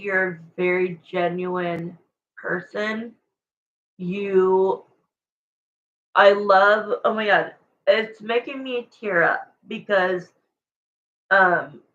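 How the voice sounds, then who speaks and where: A woman's voice: mid-range voice, fairly bright tone, highs cut off. A woman giving a live tarot reading to viewers in a rambling, emotional, chatty way, searching for words as she goes. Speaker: tarot reader.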